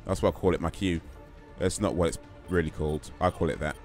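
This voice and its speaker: With faint music behind him, a tired UK gamer speaks fast in a low-pitched voice during a casual live stream. He chats from his home setup and replies to comments from viewers while playing.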